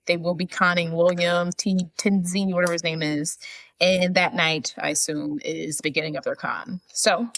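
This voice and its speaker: Low-voiced woman recapping a movie plot. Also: little pitch movement, moderate pace, a bit bright, no echo. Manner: rambling plot narration with fillers. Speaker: podcast co-host. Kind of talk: casual movie recap chat.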